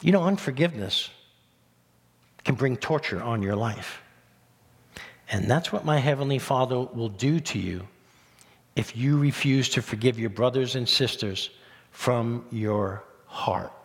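A man preaching a sermon as pastor, animated, with rhetorical questions and rising emphasis. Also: mid-range voice, a little slow, pauses often. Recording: long reverb of a church hall.

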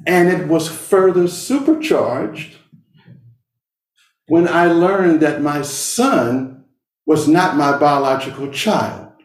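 A middle-aged man telling a personal story to an audience, speaking slowly and earnestly with long deliberate pauses. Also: a little high. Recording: roomy sound from a distant mic.

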